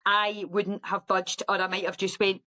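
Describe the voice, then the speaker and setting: A middle-aged woman, a guest on a podcast, telling a story in a lively, animated way and acting out other people's voices. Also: normal speed, low-quality recording. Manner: lively, acts out quoted voices in a high sing-song. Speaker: guest ultra runner.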